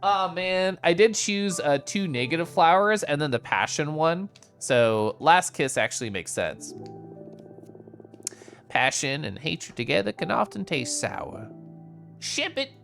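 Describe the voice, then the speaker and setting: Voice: mid-range voice, big pitch swings, measured pace, gravelly, fairly bright tone, soft background music. A streamer giving casual live-stream commentary while playing a game, bubbly and giggly with playful squeals.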